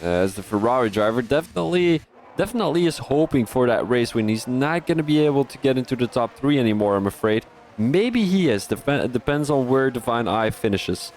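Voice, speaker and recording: Man, sim-race streamer-commentator, excitable, trips over his words, faint hiss behind. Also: medium pitch, brisk. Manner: excitable, rising sharply at overtakes, many restarts. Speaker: sim racing league commentator.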